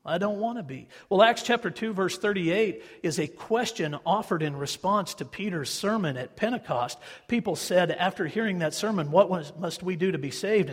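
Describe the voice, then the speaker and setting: A male preacher delivers a sermon in a high, husky voice. He is emphatic, dropping to hushed asides and rising to fervent, repeated insistence. A long hall reverb trails every phrase. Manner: emphatic, with sudden swings from hushed to raised and fervent.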